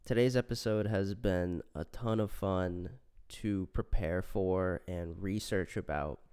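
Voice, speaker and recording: A man hosting a solo science podcast, stuffy from a cold, explaining in a relaxed, conversational way. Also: low-pitched, slow pace, clear, resonant tone. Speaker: podcast host.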